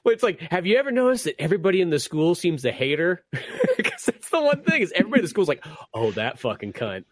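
Give me an animated man rambling on a podcast, voice all over the place. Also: high voice, quick pace, no echo. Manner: rambling, heavy swearing, animated. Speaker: podcast host. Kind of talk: casual chat.

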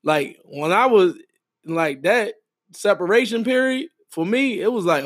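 A middle-aged man with a high voice talks in casual podcast chat. He hammers his points with emphatic, preacher-like repetition. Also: big pitch swings, moderate pace, a bit bright, slightly rough. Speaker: podcast co-host and wedding officiant.

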